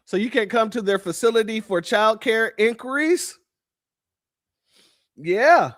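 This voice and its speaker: A man hosts a livestream, talking to his chat in an emphatic commentary style. His voice sits high for a man, and he drives points home by repeating them. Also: lively intonation, a little slow, a bit bright. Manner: emphatic, repeats phrases, addresses chat as family. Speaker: livestream host.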